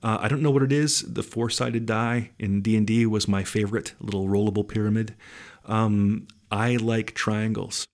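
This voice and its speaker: A man with a low, gravelly voice answering listener questions on his podcast. He rambles in a relaxed way, swears casually, and sounds like his voice is wearing out. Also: moderate pace. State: losing his voice. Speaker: podcast host.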